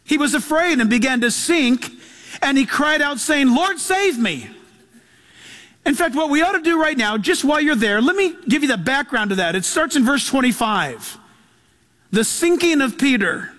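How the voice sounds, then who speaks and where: A man's voice: extremely high pitch, expressive, moderate pace, fairly bright tone. A man preaching a sermon as pastor, reading scripture aloud and driving his points home with emphasis. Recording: long hall reverb.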